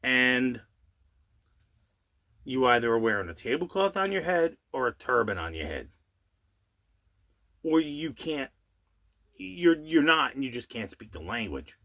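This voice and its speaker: A man's voice: mid-range voice, big pitch swings, fairly bright tone. A man, the host of his own channel, delivering an angry, sarcastic rant with rhetorical questions and the odd curse, drawing out words for emphasis. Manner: drawls some words slowly for emphasis. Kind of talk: ranting monologue.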